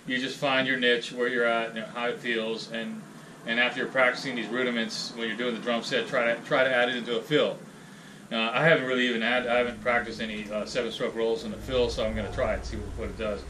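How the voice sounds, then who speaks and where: A man's voice: mid-range voice, brisk, background noise. Casual male drum instructor, calls out counts, mic a few feet off in a practice room. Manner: counting sticking patterns aloud, relaxed and rambling. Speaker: drum teacher. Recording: distant mic, loud drums. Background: loud drum kit playing.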